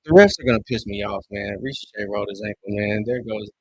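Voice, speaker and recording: A young man streaming a basketball watch-along, chatting casually in slang and breaking into loud yelling over referee calls. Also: lowish voice, fast talker, husky, no room sound, rough recording. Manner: excitable fan commentary, bursts into loud yelling at calls; casual slang, calls listeners bro and dog. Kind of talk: live game watch-along commentary.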